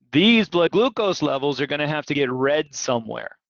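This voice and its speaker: A man teaching physiology in a live online lecture, animated and questioning, repeating key words. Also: on the high side, creaky, no room sound. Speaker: physiology instructor. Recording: dull, dry video-call audio.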